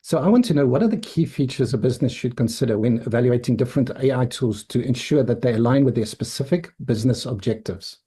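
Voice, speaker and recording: Very dark-toned man hosting a webinar. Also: medium pitch, fast talker, few pauses. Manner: loose, unscripted delivery that walks through screens on the fly. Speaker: host of a weekly AI business meetup. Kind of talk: informal webinar presentation.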